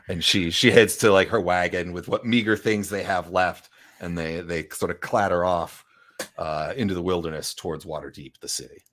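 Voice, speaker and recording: A man's voice: deep voice, steady tone, normal speed, a bit bright. A man narrating as game master, rambling with many fillers and asides. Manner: rambling, lots of fillers and "right?".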